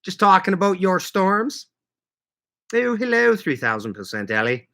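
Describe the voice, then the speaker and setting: A man from Manitoba hosting a casual livestream, greeting viewers by name and chatting in a lively, laughing way. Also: sits high, normal speed, vocal fry. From Canada (Manitoba). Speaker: livestream host reading chat.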